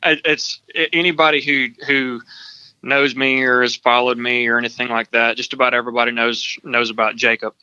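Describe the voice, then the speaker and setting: A man's voice: mid-range voice, little pitch movement, fairly quick, sharp tone, clear, resonant tone, dry recording. A man, a podcast guest, telling a story casually and thoughtfully, with many ums and restarts. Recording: dull lo-fi sound.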